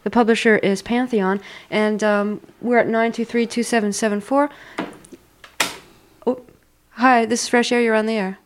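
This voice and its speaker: A woman hosting a radio interview, brisk and steering the questions. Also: on the high side, steady tone, background noise. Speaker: radio host.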